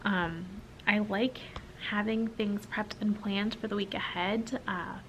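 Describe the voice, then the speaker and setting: A woman's voice: medium pitch, steady tone, takes it slowly, fairly bright tone, lo-fi sound, slight background noise. A young adult woman teacher talking casually to her vlog camera inside a school, tired and full of ums and likes. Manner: chatty, with frequent ums and likes. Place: school building, indoors.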